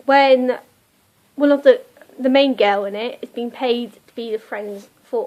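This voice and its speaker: A woman's voice: on the high side, a little slow, darkish tone, low-quality recording. A young British woman with a British accent, chatting casually through a book review vlog recorded on a phone, rambling and cutting herself off. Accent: British English. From Britain. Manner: chatty, rambling, self-interrupting. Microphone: phone camera.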